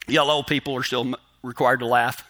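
A man preaching a sermon as pastor, folksy and animated, with cowboy talk. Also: mid-range voice, a little fast.

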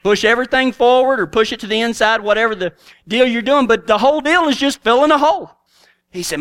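A man's voice: very high voice, a little fast, fairly bright tone. A middle-aged man with a Texan accent, telling a folksy story as a cowboy preacher in a sermon. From Texas.

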